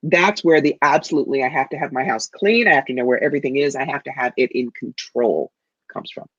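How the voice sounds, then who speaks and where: A woman's voice: extremely low pitch, fast talker, husky, dry recording, dull audio. A woman giving psychic readings to viewers in a confident, familiar way, calling people darling. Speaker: psychic medium guest.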